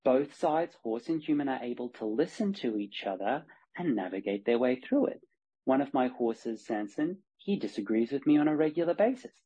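A man, a horsemanship coach talking as a podcast guest, animated and acting out the lines in his stories. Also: mid-range voice, normal speed, slightly rough. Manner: animated storyteller, acts out dialogue. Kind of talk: podcast conversation. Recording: dull lo-fi podcast sound.

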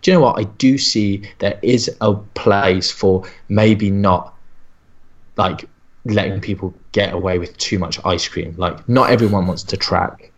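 A man chatting casually on a podcast, telling lively stories and slipping into the voices of the people in them. His voice sits fairly low and the recording sounds a little dull. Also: unhurried. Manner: animated storytelling with quoted voices. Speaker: sports nutritionist.

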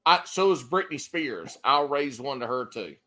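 Bright-voiced joking man. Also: mid-range voice, sing-song, normal speed. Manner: joking, teasing, crude. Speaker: podcast co-host. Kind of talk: casual banter.

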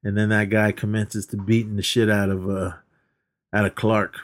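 A man's voice: on the low side, level tone, moderate pace. A man co-hosting a podcast, casually recapping a film in a rambling way, acting out quoted lines and laughing as he goes. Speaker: podcast co-host. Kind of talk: casual movie recap chat.

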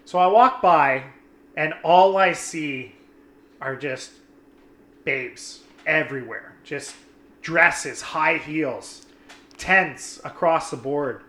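A young man tells a story with animated swearing and plays his friends' lines as he goes. His voice is bright and a little high, and the room gives it a clear echo. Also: takes it slowly. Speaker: guest telling a story. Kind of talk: casual storytelling.

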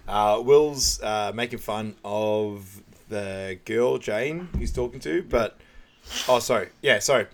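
A man's voice: lowish voice, slow pace. A man co-hosting a podcast, recapping a film in a laid-back way and laughing often. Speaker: podcast co-host. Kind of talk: casual film recap chat.

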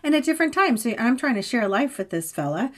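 A woman's voice: on the high side, very animated, fast, a little hiss or hum. A woman in casual conversation, candid and laughing often, swearing freely as she talks through a personal story. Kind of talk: casual chat.

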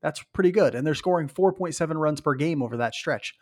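A man's voice: fairly high pitch, a little fast. A man co-hosting a casual sports podcast, breaking down stats and reading a sponsor spot. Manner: analytical, reads ad copy and stats. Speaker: podcast co-host.

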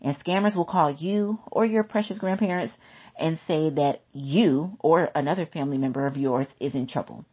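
A woman's voice: low-pitched, normal speed, husky, dull audio. A woman giving an instructional talk about scams, emphatic and chatty, repeating key points. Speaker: consumer safety educator.

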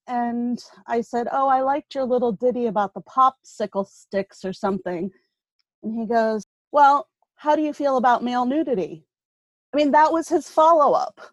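A middle-aged woman guest telling dating stories in lively casual chat. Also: a little high, dry recording. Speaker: guest, author.

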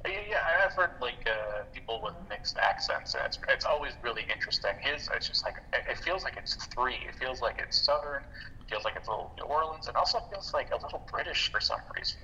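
Man, podcast co-host, hesitant, very bright tone, dull recording. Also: medium pitch, expressive, a little fast. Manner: hesitant, many restarts, enthusiastic. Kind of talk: casual movie podcast chat. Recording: dull lo-fi sound, faint noise.

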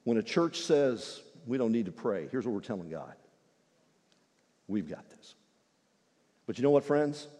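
A male pastor delivers a sermon in a husky voice that swings widely in pitch. He preaches in a lively, conversational way, mixing humor into his message. His voice rings with a long reverb in a large church hall. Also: measured pace, long pauses. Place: church sanctuary.

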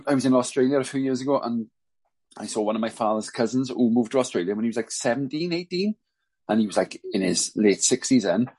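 A Welsh man, a guest musician, chatting casually and telling animated stories on a podcast. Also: mid-range voice, fast talker, slightly rough. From Wales.

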